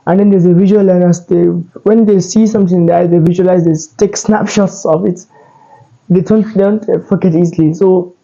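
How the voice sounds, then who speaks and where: A man's voice: sits high, mellow, lo-fi sound. A man giving casual advice in a loose, rambling way, full of fillers and self-corrections. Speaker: Muslim self-improvement creator.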